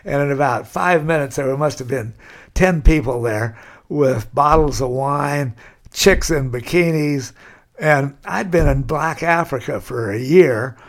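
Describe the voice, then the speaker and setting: A man's voice: a little high, measured pace. An older man telling long, rambling stories as an interview guest, peppered with "kinda" and "you know". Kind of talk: storytelling.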